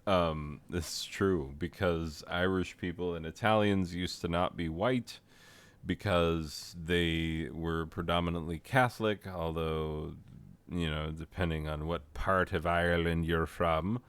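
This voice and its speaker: Brief: low-voiced male game reviewer, smooth tone, rambling and self-deprecating. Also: fairly even intonation, takes it slowly. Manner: tangential, self-deprecating, loses the thread. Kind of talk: casual rambling commentary.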